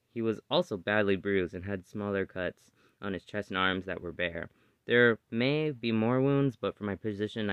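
A man reading his original story aloud in steady first-person narration. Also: low voice, clean tone, dry recording. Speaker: story reader.

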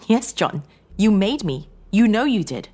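A woman's voice: fairly low pitch, animated, moderate pace, voice pushed up. A woman voicing a tearful, pleading wife in a horror story, emotional and shaky. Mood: pleading, hurt. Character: tearful, pleading woman facing her divorce.

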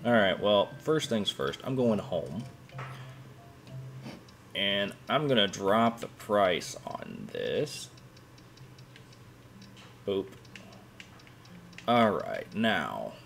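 A man's voice: on the low side, big pitch swings, very slow, vocal fry, pauses often, a bit bright, slight background noise. A man casually thinking aloud while commentating a video game over faint game music. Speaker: gaming YouTuber. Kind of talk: let's play commentary.

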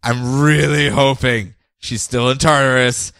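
A man co-hosting a podcast, recapping comics in casual chat, animated and quick to laugh. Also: mid-range voice, no echo. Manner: animated, laughs often, slips into playful character voices. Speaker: podcast co-host.

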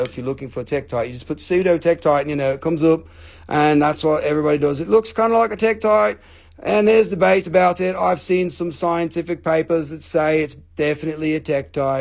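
Joking, high-voiced man selling rocks live. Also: darkish tone. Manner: joking, rambling, salty language. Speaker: host selling minerals on a live stream. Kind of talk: casual live sales chat.

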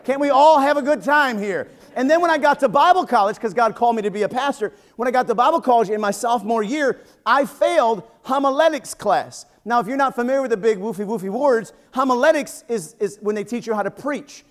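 A man in his fifties, a pastor preaching a sermon in a church, telling jokes and stories with lively, animated energy. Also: very high-pitched, fast talker, few pauses. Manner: energetic, joking, animated storytelling. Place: church sanctuary.

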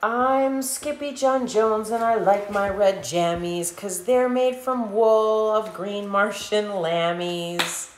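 A woman voicing an excitable young boy kitten from a storybook, in a high, sing-song voice. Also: slow pace, hardly any pauses, close to an everyday voice. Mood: playful. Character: excitable boy kitten who thinks he's a chihuahua. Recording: echoey room with faint hiss.

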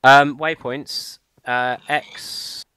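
A man's voice: medium pitch, steady tone, very slow, bright, forceful tone, smooth, no room sound. A man co-hosting a casual game let's-play, teasing his friend with mock insults. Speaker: co-host in a Minecraft let's-play. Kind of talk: casual gaming chat.

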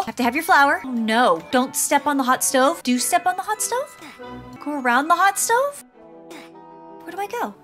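A woman hosting a gaming video, giving excitable, gushing running commentary as she plays. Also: sits high. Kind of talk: gameplay commentary.

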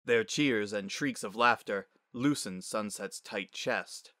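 A man narrating a story as a dramatic reading, measured and expressive. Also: on the low side, dry recording, studio quality.

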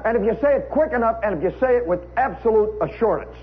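An American man with a high-pitched, lively voice talks fast, telling a funny story on a live radio show. He's wry and conversational, dropping in frequent "you know" asides. The recording is a tinny 1960s radio broadcast with faint hiss.

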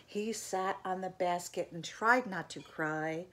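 An older woman reading a picture book aloud as a bedtime story, gentle and expressive. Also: on the low side, slow pace.

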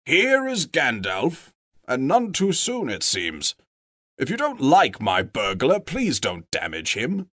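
A man's voice: mid-range voice, huge pitch swings, slow pace, a bit bright, dry recording, studio quality, pitched above the performer's own voice, exaggerated voice. A man voicing an old male wizard, authoritative and wry. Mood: commanding.

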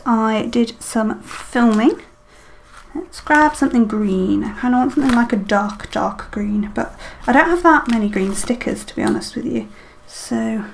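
This woman's voice sits on the high side, with vocal fry, a darkish tone, and slight background noise. She's a planner vlogger doing a casual plan-with-me, chatting to herself as she decorates and dropping lots of ums and small questions.

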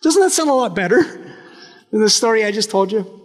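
A man's voice: high voice, animated, fairly quick, long reverb tail. A male pastor preaching a conversational, humorous sermon with frequent restarts. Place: church sanctuary.

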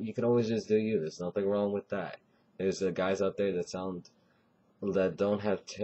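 A man talking casually in a vlog, giving advice in a relaxed, rambling way with lots of fillers. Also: low voice, slightly rough.

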